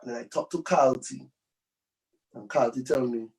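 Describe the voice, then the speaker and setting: A man's voice: medium pitch, normal speed, pauses often, a little mellow, far from the mic, rough recording. A man, a musician guest, telling rambling stories in a casual interview, full of tag phrases.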